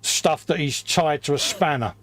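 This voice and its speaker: A man's voice: on the high side, normal speed, fairly bright tone, no room sound. A man co-hosting a live hobby stream, bantering in a slangy way and jokingly boasting as he builds a model.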